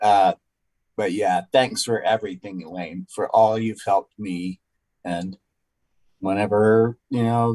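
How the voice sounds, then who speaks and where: A man, a city councilor, giving an informal tribute at a council meeting, halting with many fillers and restarts. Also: medium pitch, a little mellow.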